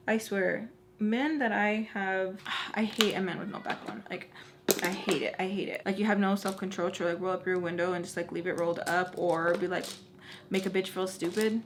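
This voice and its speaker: Animated young woman telling a story. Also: mid-range voice, normal speed, slight background noise. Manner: animated, acts out quotes, swears freely. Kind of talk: casual storytime while doing makeup.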